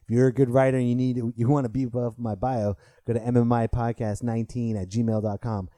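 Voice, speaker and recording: Male comic in his thirties, casual podcast monologue, mellow voice, dry close recording. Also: mid-range voice, a little fast, dry recording. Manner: animated, swearing, rises sharply when riled. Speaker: podcast host and stand-up comedian.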